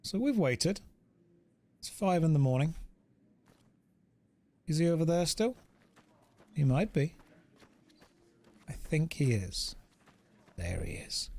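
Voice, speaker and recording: Joking English streamer, lively voice. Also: male voice, a little high, slow, pauses often. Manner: joking, rambling, self-mocking. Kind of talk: casual game commentary.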